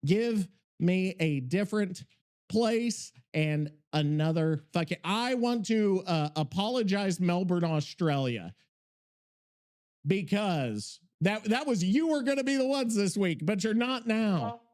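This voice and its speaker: A man hosts a casual live podcast chat, ranting in exasperation, swearing, and repeating his questions. His voice sits high with lively intonation and a darkish tone, and he speaks slowly.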